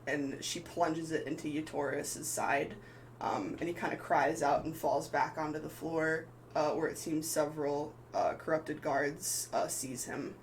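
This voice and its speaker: A man's voice: on the high side, fairly even intonation, a little slow, a little hiss or hum, rough recording. A man narrating a tabletop game as game master, loose and full of fillers, with faint room ambience.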